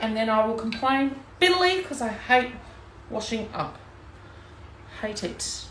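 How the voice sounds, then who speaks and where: A woman with an Australian accent cooks live in her home kitchen, chatting to viewers as she works. Her voice is a little high and fairly bright, the room reverberant with slight background noise. She's a cooking demonstrator and team leader.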